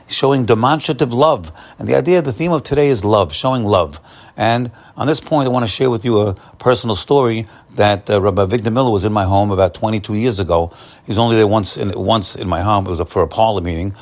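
A man giving an upbeat, encouraging morning Torah talk, often repeating and restarting his phrases. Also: lowish voice. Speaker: Torah teacher.

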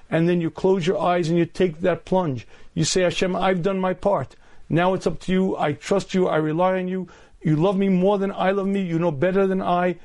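A middle-aged man, a rabbi, giving an earnest lecture on faith and dating, often clearing his throat. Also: high-pitched, darkish tone.

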